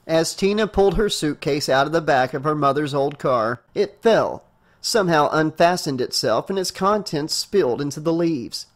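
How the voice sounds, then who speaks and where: A man narrating a horror novel as an audiobook reader, with a steady storytelling delivery. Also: on the high side, moderate pace.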